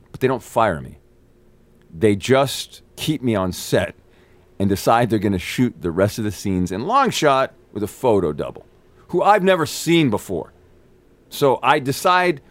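A male actor, a guest on an interview show, telling a long anecdote in a profane, animated way. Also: lowish voice, no room sound.

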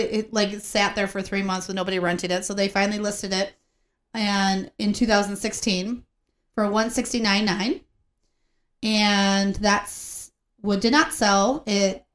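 A woman's voice: mid-range voice, clear, resonant tone. Chatty woman podcast host, slightly slurred. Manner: chatty, rambling with fillers. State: coughing, slurring words. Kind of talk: casual true-crime podcast chat.

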